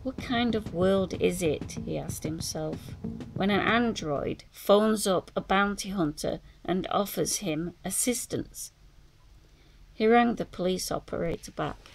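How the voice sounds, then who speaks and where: A woman reading an audiobook in measured, scripted narration. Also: mid-range voice, creaky, poor audio. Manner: slow, measured reading with voiced dialogue. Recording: music bed under narration.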